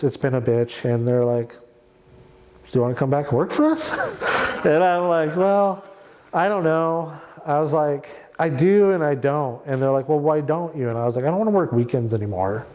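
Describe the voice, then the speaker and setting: A man from Oregon talks through his story in an oral history interview with a warm, mellow tone. His delivery is casual and rambling, full of fillers and restarts. He keeps acting out quoted conversations as he goes. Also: mid-range voice, fairly quick, rough recording. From Oregon, USA. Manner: candid, rambling, quotes people in dialogue.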